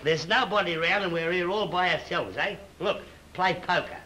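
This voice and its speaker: Chatty bossy king, australian accent, higher voice, old 1930s film sound. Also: normal speed, slight background noise, rough recording. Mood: excited. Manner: chatty, excitable, bossy with cheeky asides. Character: jolly boastful comic king, middle-aged man. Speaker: comic actor. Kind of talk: 1930s film comedy acting.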